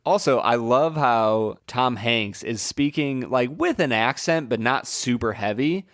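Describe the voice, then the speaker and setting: A man's voice: medium pitch, expressive, a little slow, a bit bright. A man co-hosting a film podcast, opinionated and joking, often restarting his sentences in casual chat. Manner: opinionated, jokey, repeats words when starting sentences. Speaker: podcast co-host.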